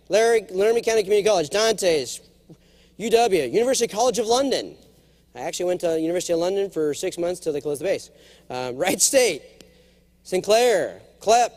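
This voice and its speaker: A middle-aged man delivers a keynote speech with a high, bouncy voice that swoops up and down as he talks. He is jokey and animated and tells stories with a comic touch. He slips now and then into character voices to act out the people in his stories. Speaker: keynote speaker. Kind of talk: humorous motivational keynote speech. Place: large conference hall.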